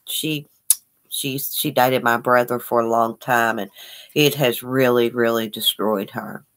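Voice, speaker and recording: A woman's voice: very deep voice, steady tone, measured pace, a bit bright. A woman hosting a casual livestream, reading viewer comments aloud and answering with sympathy in a chatty, folksy way. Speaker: livestream host.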